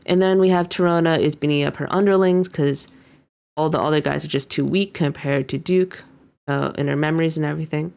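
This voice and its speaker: Low, gravelly-voiced young woman recapping. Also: fairly even intonation, a little fast, a little mellow. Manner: recaps scenes by paraphrasing characters with many fillers. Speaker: VTuber reacting to an anime episode. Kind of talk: casual commentary.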